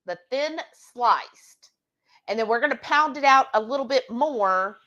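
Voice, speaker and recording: High, lively woman hosting. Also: unhurried, lo-fi sound. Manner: chatty, reads viewer comments aloud. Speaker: co-host of a live cooking stream. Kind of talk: casual live cook-along chat.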